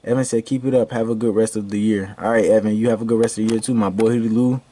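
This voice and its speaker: A man's voice: on the low side, steady tone, fast, dark tone, slight background noise. A man vlogging with friends and reading out live-stream comments, joking and laughing with profane banter. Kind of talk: casual chat with friends.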